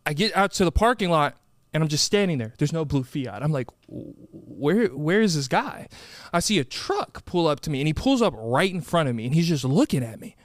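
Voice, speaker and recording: Young man telling a lively anecdote. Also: fairly high pitch, fast, no echo, studio quality. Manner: animated storyteller, acts out quotes, swears, laughs a lot. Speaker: podcast co-host. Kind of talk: casual storytelling chat.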